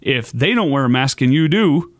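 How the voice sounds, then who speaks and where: A man's voice: mid-range voice, lively intonation, normal speed, no room sound, studio quality. Ranting sarcastic male podcast host. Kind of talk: sports talk monologue.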